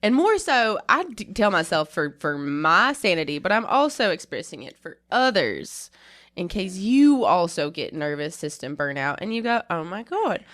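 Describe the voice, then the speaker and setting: A woman's voice: on the low side, sing-song, moderate pace, fairly bright tone, no room sound, studio quality. A woman co-hosting a casual podcast chat, talking candidly in a rambling way and often cutting off her own sentences. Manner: rambling, self-interrupting, candid. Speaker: podcast co-host.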